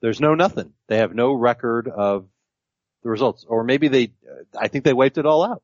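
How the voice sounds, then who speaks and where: A man's voice: medium pitch, normal speed, no echo, muffled recording. A man co-hosting a sports podcast, making blunt, wry short remarks. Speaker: podcast co-host. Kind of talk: casual sports podcast chat.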